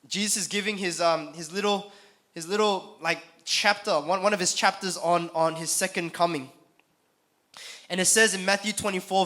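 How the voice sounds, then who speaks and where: A man preaching to a youth conference in a conversational, animated way, often checking in with the crowd. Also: high-pitched. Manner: conversational, frequent "right?" tags, animated. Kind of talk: sermon. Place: conference hall.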